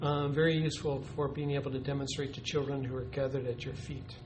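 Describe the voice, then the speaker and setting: A man's voice: mid-range voice, level tone, fast talker. A man giving an instructional demonstration of a classroom teaching method, explaining step by step with frequent ums and uhs. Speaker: teacher educator. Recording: noisy recording.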